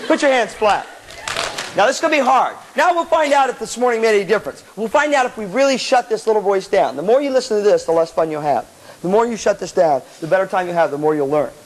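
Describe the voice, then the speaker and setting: A man's voice: high voice, animated, quick pace, rough recording. A man giving a live motivational seminar to student band members, playful and blunt, acting out people's inner voices and now and then swearing. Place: hall with a student audience. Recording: 1985 live cassette tape with faint audience and hiss.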